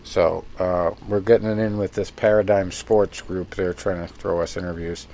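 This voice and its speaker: Man, lowish voice, podcast co-host, relaxed rambling chat, lots of fillers, faint hiss. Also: normal speed. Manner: relaxed and rambling, many fillers like uh and you know. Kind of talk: casual chat.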